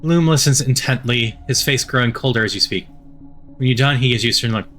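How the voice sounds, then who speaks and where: Male game narrator, bright tone, offhand commentary. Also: mid-range voice, faint music behind. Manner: reads quickly with stumbles and laughing asides.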